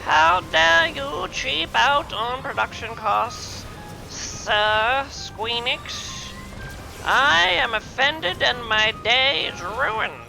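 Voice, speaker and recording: A man voicing an indignant, easily offended old-timey gentleman in a put-on British accent, pompous and drawn out. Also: extremely high pitch, very slow, vocal fry, voice pushed up, exaggerated voice, low-quality recording. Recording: game music behind.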